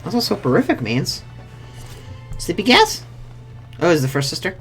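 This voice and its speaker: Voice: mid-range voice, sing-song, fast, soft background music. A streamer playing an online role-playing game, talking to themself in casual commentary, swearing freely and reading game text aloud. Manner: talks to self, mutters, swears freely. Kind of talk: casual let's-play commentary.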